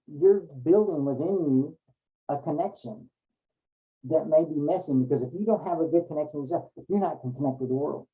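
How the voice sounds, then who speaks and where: A man's voice: a little high, dark tone, low-quality recording. A man giving an earnest motivational talk, often restarting his phrases as he goes. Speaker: motivational speaker.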